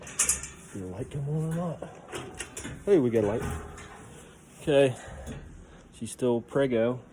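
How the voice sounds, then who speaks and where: A man's voice: mid-range voice, lively intonation, takes it slowly. A man talking casually to the camera, chatty and a bit playfully dramatic, recorded outdoors on a snowy farm on a handheld phone. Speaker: vlogger. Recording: wind noise outdoors.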